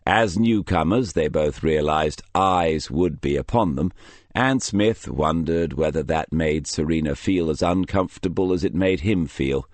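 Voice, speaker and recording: A man reading a crime novel aloud in measured, dry storytelling narration. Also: extremely low pitch, no echo. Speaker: audiobook narrator. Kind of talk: scripted narration.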